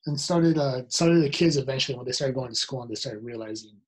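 A young man in a relaxed podcast chat, talking with hesitant restarts. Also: mid-range voice, fast talker. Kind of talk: casual chat.

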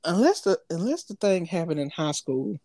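A man's voice: high-pitched, sing-song, moderate pace, warm tone, dry recording. A man co-hosting a podcast, talking loosely in slang and laughing often as he tells stories. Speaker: podcast co-host. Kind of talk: casual chat.

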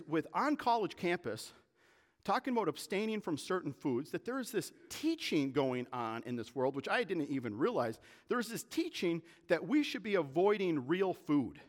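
A male pastor delivers a sermon with a lively, swooping delivery that rises into excited indignation. His voice sits a little high for a man, and it rings with a long hall reverb. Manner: animated, gets worked up, fast bursts of indignation.

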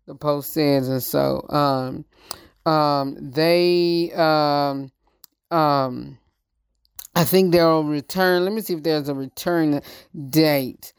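A man hosting his own show, chatting through celebrity news slowly and haltingly, with frequent ums and uhs. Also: a little high, steady tone, gravelly, clear, resonant tone, no room sound, studio quality. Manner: halting, many ums, slow and careful. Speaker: show host. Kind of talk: casual celebrity news chat.

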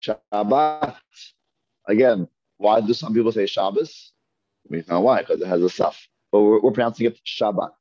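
A man teaching a Hebrew reading class, patiently repeating words slowly and asking his students questions. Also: lowish voice, mellow, no echo. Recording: dull lo-fi dry recording.

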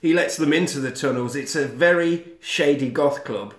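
A man's voice: fairly high pitch, moderate pace. Man retelling a film plot. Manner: storytelling, breaks into silly voices. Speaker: podcast co-host. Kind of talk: casual chat recapping a film. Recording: roomy echo.

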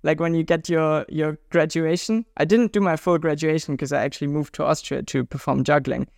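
A man's voice: a little fast, vocal fry, no room sound, studio quality. A man in his twenties from Germany with a German accent, talking casually and upbeat as an interview guest. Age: 20s. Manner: upbeat and chatty, pitch jumps up when animated. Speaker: guest, world traveler and juggler.

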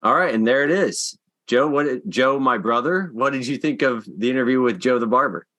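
A man hosting a podcast in casual chat, relaxed and agreeable, often adding short affirmations. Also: mid-range voice, a little fast. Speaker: podcast host, teacher.

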